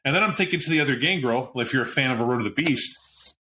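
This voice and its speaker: A man on a roundtable podcast talks animatedly about a tabletop game and keeps restarting his sentences as he goes. His voice is bright and forceful at a middle pitch, and there is a faint hiss in the background. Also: racing. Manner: animated, with frequent restarts and asides. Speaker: podcast panelist.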